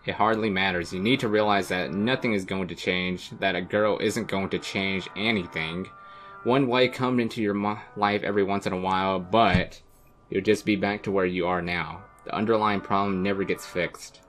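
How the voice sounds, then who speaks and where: Man reading as a cruel young woman on a blind date, cold insults, deep low voice, soft music behind. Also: steady tone, normal speed. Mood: contemptuous. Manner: cold, cutting, relentless insults. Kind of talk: reading game dialogue aloud.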